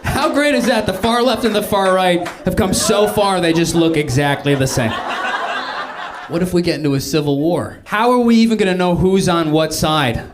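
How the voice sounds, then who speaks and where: A man's voice: high voice, moderate pace. A man performing stand-up comedy with a wry, questioning delivery. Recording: noisy stage recording.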